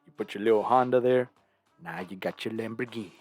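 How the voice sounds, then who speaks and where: A man's voice: lowish voice, fairly even intonation, a little fast, a little mellow, faint music behind. A man hosting a casual monologue, preaching his views and asking "right?" again and again, sometimes acting out other people. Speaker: host.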